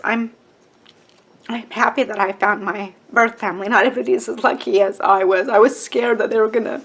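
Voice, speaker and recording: A woman's voice: on the high side, fairly even intonation, brisk, a bit bright. A woman in her forties speaks to camera about her own life, talking candidly and casually. Her voice is tearful and emotional, with fillers and restarts in her speech. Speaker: vlogger. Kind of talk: personal storytelling to camera.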